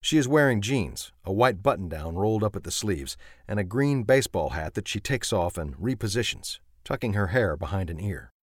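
Male first-person narrator, understated and measured, low voice with animated inflection, dead-dry studio sound. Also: no echo. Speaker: audiobook narrator.

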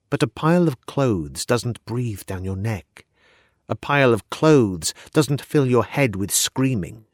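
A man narrating a first-person ghost story in a calm, measured, slightly unsettling way. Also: medium pitch, no room sound, studio quality.

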